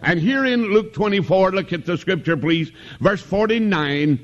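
Older male revival preacher, slightly high voice; folksy storyteller who asks for amens. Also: expressive, moderate pace, dull audio. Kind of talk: revival sermon. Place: tabernacle.

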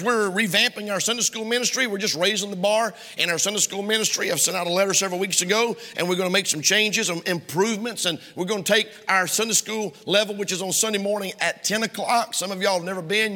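This clip captures a man's high-pitched, bright and pushed voice racing along with few pauses as he preaches from the pulpit. His sermon has an emphatic, repeating rhythm, and the church sanctuary wraps it in long hall reverb.

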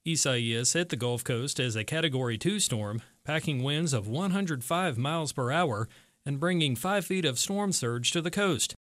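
A man reading a radio newscast as the anchor, steady and measured. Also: mid-range voice, no room sound, clean studio sound. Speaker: news anchor.

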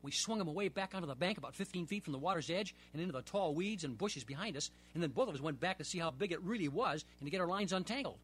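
A man reading a children's story aloud, with expressive, lively storytelling. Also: fairly high pitch, fast talker, hardly any pauses, husky, soft background music.

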